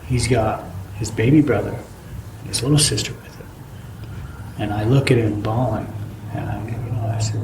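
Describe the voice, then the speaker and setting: A middle-aged man, a former student now on staff, giving a halting personal testimony with many fillers. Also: mid-range voice, fairly even intonation, a little mellow. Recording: echoey room with clear background noise.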